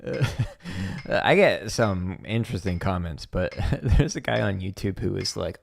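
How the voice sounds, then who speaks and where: A man streams his drum practice from a home room, chatting casually between sessions, laughing a lot and parodying commenters' voices. His low, creaky voice moves slowly with big pitch swings, over a slight hiss or hum.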